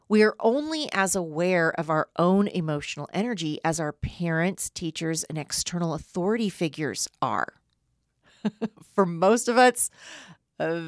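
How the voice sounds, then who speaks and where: A woman's voice: on the low side, dry recording, studio quality. A woman hosting a solo podcast, explaining in an earnest teaching way and often checking in with "right?". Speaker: podcast host and human design coach.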